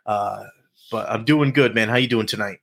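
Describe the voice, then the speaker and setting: A man hosting a sports talk show, playful and animated, stretching out hype calls and joking with his co-host. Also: lowish voice, moderate pace, gravelly.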